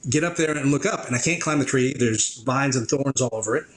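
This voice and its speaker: A man who works as a drone operator, appearing as a podcast guest and telling stories in a casual, animated way, acting out how other people reacted. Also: medium pitch, a little fast, rough recording. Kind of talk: casual interview storytelling.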